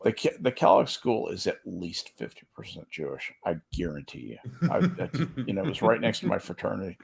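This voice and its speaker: A man on a podcast panel, talking in a halting way with lots of restarts. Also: sits low, huge pitch swings, creaky, husky. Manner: halting, many restarts and stammers. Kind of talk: casual chat.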